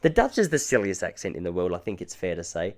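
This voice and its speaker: A man's voice: sits low, sing-song, fast talker, a little mellow. An Australian man in his thirties hosting a podcast, telling rambling, joking stories in a casual solo monologue. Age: 30s. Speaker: podcast host.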